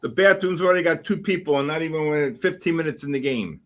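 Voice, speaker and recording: A man hosting a live trading stream, calling price levels and teasing viewers in chat with excitable, repetitive banter. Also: fairly high pitch, quick pace. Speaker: livestream trading host.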